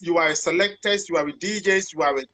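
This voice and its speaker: A man's voice: a little high, quick pace, fairly bright tone. A man hosting a casual interview, affirming his guest and stumbling over his words as he asks questions. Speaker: interviewer host.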